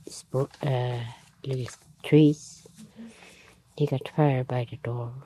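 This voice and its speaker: A woman telling a traditional story aloud in a halting, unhurried way, with frequent pauses, fillers and nonstandard grammar. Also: low-pitched, dark tone, a little hiss or hum, rough recording.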